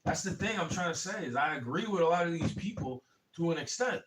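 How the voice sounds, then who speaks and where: A man with a somewhat high voice rants through a rambling, profane livestream monologue and keeps calling his listener bro. His anger rises into loud bursts. He sits a bit back from the microphone, so the sound sits at a small distance. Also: animated, a little fast. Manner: angry, rising to shouting in bursts. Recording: voice a bit far from the mic.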